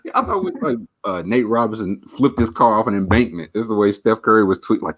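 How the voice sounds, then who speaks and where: A man's voice: fairly low pitch, lively intonation, quick pace, few pauses. A man hosting a podcast, bantering casually and cracking laid-back jokes. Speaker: podcast host. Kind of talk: casual chat.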